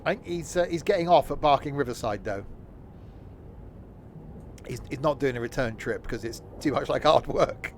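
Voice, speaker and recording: A man's voice: mid-range voice, moderate pace, pauses often, slight background noise. A man chatting casually as a gaming streamer while he plays a train simulator, joking at his own expense and laughing often. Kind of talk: casual chat while playing a train sim.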